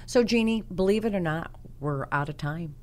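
A woman's voice: on the low side, normal speed, a little mellow. A woman hosting a radio interview in the studio, chatty and encouraging with her guest. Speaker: radio host.

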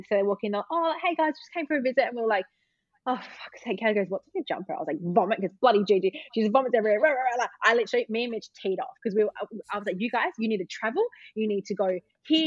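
Brief: husky woman, rapid chatty podcast guest, laughing storyteller, muffled dry recording. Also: mid-range voice, no echo. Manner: laughing, animated, swears casually. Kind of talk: casual chat, storytelling. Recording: dull lo-fi dry sound.

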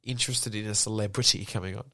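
A man's voice: fairly low pitch, steady tone, quick pace, vocal fry, sharp tone. A man co-hosting a podcast, teasing and laughing in casual chat. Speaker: podcast co-host.

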